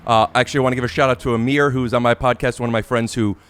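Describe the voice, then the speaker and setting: Podcast host, man, mid-pitched and hesitant, stops and restarts while finding his words. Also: fairly even intonation, a bit bright, clear, resonant tone, dry recording. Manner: halting, searching for words with many restarts. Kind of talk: casual podcast interview.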